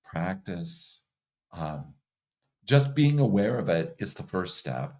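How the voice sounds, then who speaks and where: A man who works as a hypnotherapist and coach, talking casually in an interview, relaxed and laughing often. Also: low voice, measured pace, gravelly. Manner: relaxed, laughs often, acts out quoted partners.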